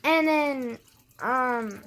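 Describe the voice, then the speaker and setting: A woman's voice: sits high, drawn-out words, a bit bright. A young woman vlogging casually, rambling with lots of fillers and frequent swearing, self-deprecating.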